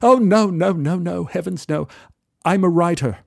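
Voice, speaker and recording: A man's voice: high voice, moderate pace, gravelly, dry recording, pitched above the performer's own voice. A man voicing a polite, dry-witted older English playwright with an English accent, in a told story. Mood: droll. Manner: dry, droll, genteel.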